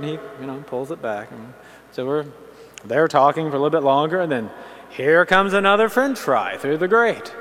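A man's voice: fairly high pitch, moderate pace. Man preaching in a reverberant hall. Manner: lively storyteller who shifts into earnest teaching. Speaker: Catholic preacher. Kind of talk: humorous sermon to an audience.

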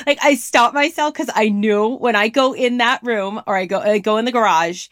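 A woman's voice: on the high side, normal speed, a bit bright, no room sound. A woman co-hosting a podcast, breaking in to stress a point to her listeners in an emphatic, encouraging way, and telling an everyday story from home. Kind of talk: conversational podcast chat.

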